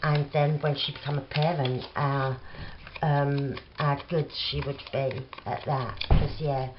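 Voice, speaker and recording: A middle-aged woman with a Cockney accent chatting casually while crafting at home, rambling softly with plenty of fillers. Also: extremely low pitch, little pitch movement, slow pace. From England. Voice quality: soft, rambling with many fillers. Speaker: craft vlogger. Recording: dull lo-fi home recording with noise.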